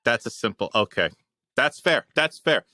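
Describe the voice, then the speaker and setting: Male podcast co-host, mid-pitched, bright tone, deadpan jokes, dry sound. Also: moderate pace, dry recording. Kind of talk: casual movie review chat.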